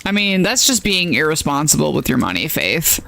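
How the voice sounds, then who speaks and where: A woman's voice: deep voice, creaky, fairly bright tone. A woman streaming a video game, chatting casually in rambling asides and laughing often. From United States. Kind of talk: casual chat while playing a video game.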